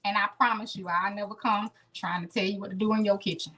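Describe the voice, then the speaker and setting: A woman's voice: medium pitch, steady tone, fast, a bit bright. A woman in her thirties hosting a casual live cooking stream from her home kitchen, chatting straight to her viewers. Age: 30s. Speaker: home cooking show host.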